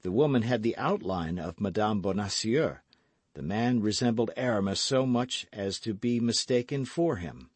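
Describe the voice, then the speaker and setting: Expressive male audiobook narrator, dry and close. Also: on the low side, normal speed, no room sound. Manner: expressive, dramatic storytelling.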